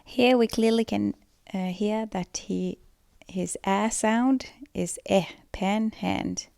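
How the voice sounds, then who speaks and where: A woman's voice: mid-range voice, slow, gravelly, a little mellow, no echo. A woman giving a scripted student presentation on pronunciation, explaining steadily with occasional fillers. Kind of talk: school presentation voice-over.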